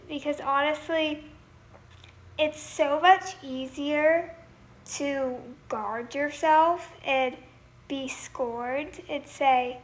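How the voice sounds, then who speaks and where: A young woman with a high voice talks at an unhurried pace on a livestream. She chats casually about her song, thanks viewers for their comments and sometimes slips into singing a line. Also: a bit bright. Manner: chatty, reads viewer comments aloud and thanks them. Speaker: singer hosting a livestream.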